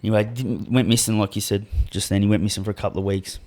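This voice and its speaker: A man's voice: lowish voice, flat delivery, fast, darkish tone. A man with an Australian accent, a podcast guest telling stories bluntly and swearing freely in casual chat.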